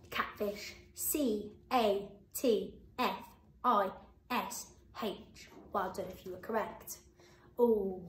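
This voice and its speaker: A woman teacher giving a phonics lesson to young children, sounding out letters slowly and clearly and praising warmly. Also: medium pitch, slight background noise. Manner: encouraging praise. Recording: roomy echo.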